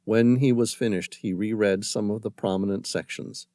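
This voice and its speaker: A man narrating an action thriller audiobook in a dramatic, measured storytelling manner, close to the mic. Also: fairly low pitch, steady tone, mellow, dry recording. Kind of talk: scripted narration.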